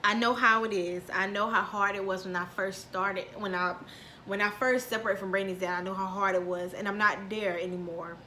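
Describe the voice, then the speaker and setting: A woman's voice: mid-range voice, fairly even intonation, a little fast, pushed and bright, a little hiss or hum. A woman in her thirties chatting to her viewers from home, heartfelt and close to tears, with a lot of "y'all". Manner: heartfelt, says y'all often, near tears. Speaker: vlogger. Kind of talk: emotional casual chat to viewers.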